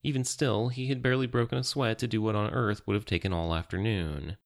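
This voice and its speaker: A man reading an audiobook in steady, measured scripted narration. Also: lowish voice.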